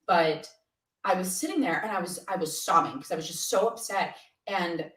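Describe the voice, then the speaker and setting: An animated, candid woman speaks as an interview guest and laughs easily. She sits some way off the mic, and the room lends her voice a roomy echo. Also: on the low side, moderate pace, distant mic. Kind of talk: casual interview conversation.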